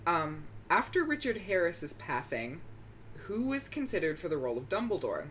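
A woman's voice: fairly low pitch, big pitch swings, normal speed, a bit bright, slight background noise. A young adult woman in casual chat, asking trivia questions, giggly and self-deprecating.

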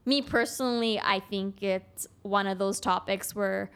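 A woman's voice: medium pitch, a little slow, creaky, clean tone. A young woman guest on a podcast, a construction taper, talking bluntly and casually and acting out both sides of conversations as she tells stories. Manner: blunt, animated storyteller acting out dialogue.

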